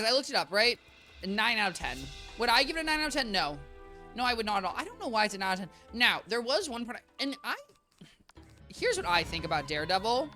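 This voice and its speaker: Young adult streamer, bright tense voice, rambling chat to viewers, faint game music behind. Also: medium pitch. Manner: rambling, talks to chat, heavy use of "like" and "guys". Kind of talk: casual gameplay commentary.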